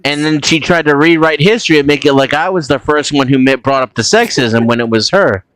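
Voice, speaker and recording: Brief: argumentative male caller, lecturing tone, somewhat raised pitch, dry sound. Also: brisk, a bit bright, no room sound, low-quality recording. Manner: combative, ranting, lecturing. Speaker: call-in panelist. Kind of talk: live-stream call-in banter.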